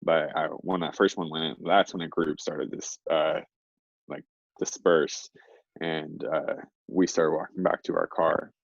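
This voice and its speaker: A young man with a low voice and a gravelly, creaky edge tells a story in a loose, rambling way, filling gaps with "like" and "um". The recording is dry and a little dull and lo-fi. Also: level tone, unhurried, dry recording. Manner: rambling, heavy on fillers. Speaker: interview guest. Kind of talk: casual storytelling.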